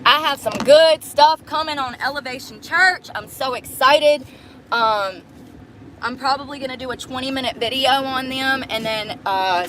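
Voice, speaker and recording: A woman's voice: on the high side, fairly bright tone, a little hiss or hum, rough recording. A woman in a casual, rambling vlog, talking bluntly and sarcastically into her phone mic from a parked car. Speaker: vlogger.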